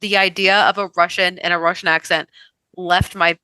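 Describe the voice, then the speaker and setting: Bright-voiced woman, dry close mic. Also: lowish voice, level tone, normal speed, clean tone, dry recording, rough recording. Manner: blunt, profane, joking. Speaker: podcast co-host. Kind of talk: casual podcast chat.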